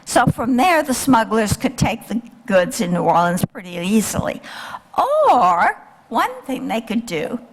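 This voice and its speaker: A woman's voice: a little high, sing-song, a little slow. A woman giving a history lecture to a live audience, telling the story and asking the listeners questions. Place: lecture hall. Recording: long hall reverb.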